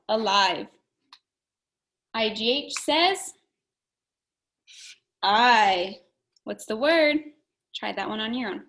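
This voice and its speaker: A woman teaching a phonics lesson to young children, slowly and clearly sounding out letters and words. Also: fairly high pitch, lively intonation, fairly bright tone, poor audio.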